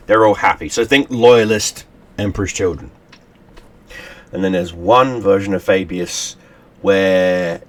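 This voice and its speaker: Rambling low-voiced man. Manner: rambling, many restarts and fillers. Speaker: channel host. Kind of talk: casual story recap to camera.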